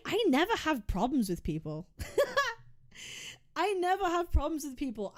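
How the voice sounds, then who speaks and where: A woman game streamer venting to her chat in a casual livestream rant, frustrated and heavily profane, often repeating and restarting her words. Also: high-pitched. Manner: talks straight to chat, venting about friends.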